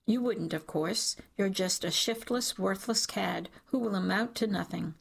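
A woman's voice: medium pitch, unhurried, vocal fry, breathy edge. A woman voicing a bitter, wounded mother who speaks in a cold, cutting way, in an audiobook. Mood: scornful.

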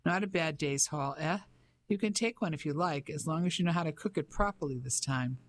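A woman voicing a brash, teasing male French fisherman who calls out loudly. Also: deep voice, fairly quick, natural voice. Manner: loud, teasing.

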